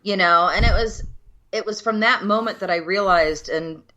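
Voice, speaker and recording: A woman's voice: mid-range voice, moderate pace, highs cut off. A woman, co-hosting a casual cocktail podcast and telling stories frankly and with some swearing. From USA, Minneapolis. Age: 50s. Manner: frank and animated storyteller, swears freely. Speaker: podcast co-host. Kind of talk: casual chat over cocktails.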